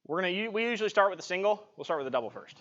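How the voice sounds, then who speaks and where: A man's voice: high voice, expressive, rapid-fire, fairly bright tone. A man teaching a live-streamed self-defense class, talking casually and checking in with "right?" as he demonstrates. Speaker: martial arts instructor. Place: martial arts studio. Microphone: clip-on mic, sometimes knocked off. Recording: dull lo-fi livestream audio.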